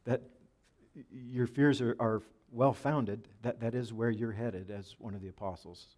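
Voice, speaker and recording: A man preaching a Bible sermon, restarting phrases often and dropping softer when he quotes scripture. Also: mid-range voice, fairly even intonation, measured pace. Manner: preaching with frequent repeats and restarts, dropping soft for quoted lines. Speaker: pastor.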